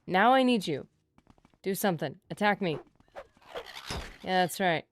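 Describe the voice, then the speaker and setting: A woman's voice: on the low side, expressive, measured pace, a little hiss or hum. A woman streaming a game live, chatting playfully with her viewers as she plays. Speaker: gaming streamer. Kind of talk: casual live gameplay commentary.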